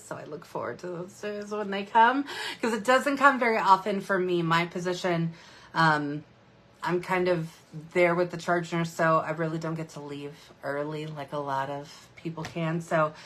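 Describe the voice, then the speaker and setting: A chatty, upbeat woman gives a casual training talk to her team. Her voice sits low for a woman, and she fills her sentences with ums and quick restarts. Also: fairly bright tone. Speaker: direct sales team leader.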